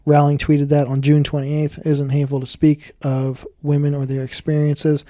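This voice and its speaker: A man's voice: fairly high pitch, monotone, normal speed, hardly any pauses, warm tone, no room sound, studio quality. A man co-hosting a podcast, reading news items aloud with wry asides. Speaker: podcast co-host. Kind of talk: casual podcast banter.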